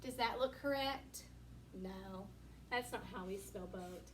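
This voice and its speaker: A woman teacher giving a recorded lesson to young children, patient and encouraging, asking questions and pausing for answers. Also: medium pitch. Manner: slow, patient, encouraging, asks questions and pauses. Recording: distant mic, faint room noise.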